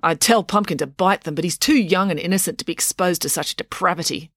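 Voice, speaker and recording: A woman's voice: lowish voice, quick pace, a bit bright, no echo, clean studio sound. A woman voicing a squeamish, dramatic young girl with theatrical outbursts in a storybook reading. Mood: dramatic disgust.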